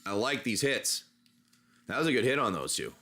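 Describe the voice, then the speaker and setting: Hosting a casual livestream, a man chats while opening card packs, rambling his way through an adventure story he makes up as he goes, talking the whole time he handles the cards. His mid-range voice has a sharp tone, big pitch swings and a normal pace.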